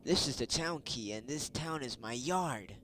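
Man voicing a gruff bully dog. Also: medium pitch, animated, a little slow, very noisy, close to an everyday voice. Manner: gruff, threatening tough-guy talk. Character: tough bully male dog guarding a town. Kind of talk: game voice-over role-play.

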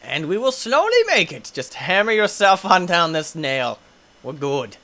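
A young man hosting a gaming video, giving excitable play-by-play commentary, often yelping, screaming at in-game injuries and laughing. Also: sits high, a little slow. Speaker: gaming channel host.

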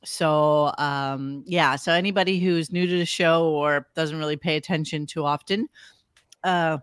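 A podcast host chatting casually, rambling and halting with fillers and restarts. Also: medium pitch, fairly even intonation, fairly bright tone, clean tone, dry recording. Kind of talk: casual chat.

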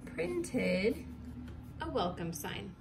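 A woman's voice: mid-range voice, big pitch swings, extremely slow, over music. A woman teacher leading a recorded distance-learning lesson, patiently spelling words letter by letter.

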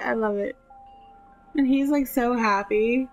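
Chatty woman playing a life sim, talks slow, higher voice, lots of "like". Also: music in the background, poor audio. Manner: chatty, drawn-out, full of "like" and giggles. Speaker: gaming youtuber. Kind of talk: casual gameplay commentary.

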